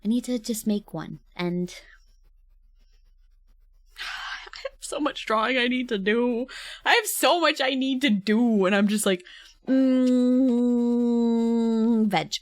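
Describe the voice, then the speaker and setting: A woman's voice: on the high side, lively intonation, unhurried, pauses often, no echo. A woman streamer chatting casually with viewers, rambling and laughing often. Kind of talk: casual livestream chat.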